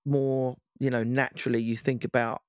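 A man's voice: medium pitch, level tone, moderate pace, darkish tone, no echo, studio quality. A man in casual podcast chat, talking reflectively and hesitantly. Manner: reflective, hesitant, many restarts. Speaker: podcast co-host.

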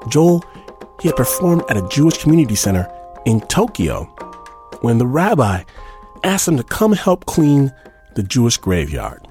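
A man hosting a radio story show, introducing a guest with a dramatic, drawn-out delivery. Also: mid-range voice, very animated, a little mellow. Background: music bed.

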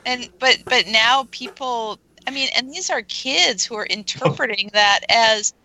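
A woman co-hosting a podcast in casual chat, quick to question and clarify. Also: a little high, pushed and bright, slight background noise, low-quality recording. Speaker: podcast co-host.

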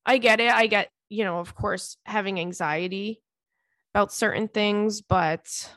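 A woman's voice: medium pitch, measured pace, a bit bright, dry recording. Female podcast host, casual advice chat, candid and loose with swearing, dry close sound. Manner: candid, swears freely, chatty with fillers.

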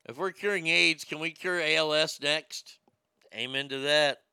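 A man with a very bright, smooth voice and a touch of gravel riffs on the news, joking irreverently and tripping over restarts. The recording is dry and close. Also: a little high, unhurried, dry recording. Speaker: show host reading news and chat comments. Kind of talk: casual commentary.

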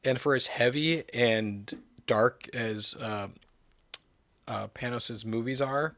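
A man in a casual film discussion, relaxed and agreeable with some casual swearing. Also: mid-range voice, slow pace, no room sound.

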